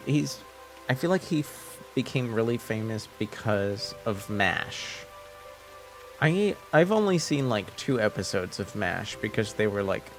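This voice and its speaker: A young man with a French Canadian accent, chatting casually with his stream viewers, hesitant and soft-spoken with many restarts, faint music behind. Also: mid-range voice. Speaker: livestream host. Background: faint background music.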